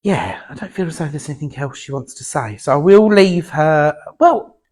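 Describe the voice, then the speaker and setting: Lively chatty man as medium. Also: on the high side. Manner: chatty, halting, many fillers and restarts. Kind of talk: platform mediumship demonstration. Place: spiritualist centre meeting room before an audience.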